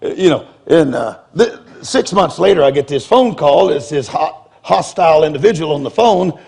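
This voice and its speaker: A man's voice: fairly high pitch, animated, moderate pace, creaky, darkish tone, slightly rough. A man preaching in a humorous storytelling style, blunt and self-mocking, often laughing as he talks. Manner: blunt, confrontational delivery.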